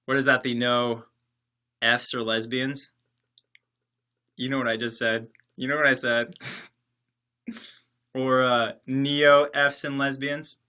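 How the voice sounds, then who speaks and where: A man's voice: mid-range voice, level tone, slow, long pauses, sharp tone, clear, resonant tone. A man casually chatting on a livestream, reading viewer comments and answering them in a sarcastic, joking, rambling way. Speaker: livestream host reading chat. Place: separate building, alone.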